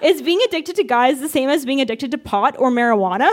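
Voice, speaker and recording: A woman with a high voice reads entries from her old teenage diary to a live crowd. Her delivery is wry and playful, leaning into each line for comic effect. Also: expressive, fast talker, very noisy. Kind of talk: reading old diary entries aloud on stage. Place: live show with audience laughter.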